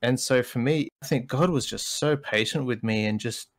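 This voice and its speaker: A man co-hosting a podcast, speaking candidly and emotionally, sometimes pausing to search for words. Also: medium pitch. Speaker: podcast co-host. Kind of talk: reflective faith discussion.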